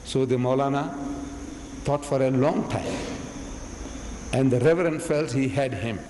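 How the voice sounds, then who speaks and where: A man's voice: medium pitch, unhurried, mellow, in a large hall, a little hiss or hum, poor audio. A man giving a religious lecture, telling a story dramatically and hammering his punchlines with repetition. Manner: dramatic, emphatic retelling with repeated punchlines.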